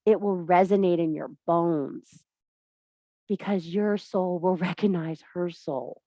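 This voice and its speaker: A woman's voice: lowish voice, slow, dark tone, no room sound, muffled recording. A woman hosting a workshop in a blunt, profane, theatrical way, often laughing. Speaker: workshop host. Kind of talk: fiery informal workshop talk.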